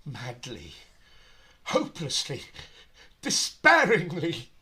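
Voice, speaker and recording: A lovelorn, mild-mannered young poet, played by a man in a comic operetta. He speaks softly and very slowly, languid and devoted. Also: on the high side, huge pitch swings, full character voice. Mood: lovesick. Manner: soft, languid, lovesick. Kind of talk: comic operetta dialogue, one-man performance. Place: his room at home.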